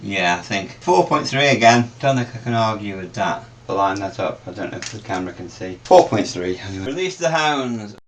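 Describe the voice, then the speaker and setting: Low, deep-voiced British man running a home experiment on camera, chatty, swears a lot. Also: a little fast, hardly any pauses, noisy background. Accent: British English. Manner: chatty, thinks aloud, swears freely. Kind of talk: talking through a home experiment.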